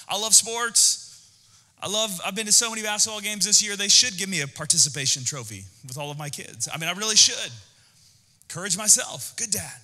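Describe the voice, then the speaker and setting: A man preaching a sermon as pastor, animated and conversational, with jokes. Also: sits high, fairly quick, big-room sound. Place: church auditorium.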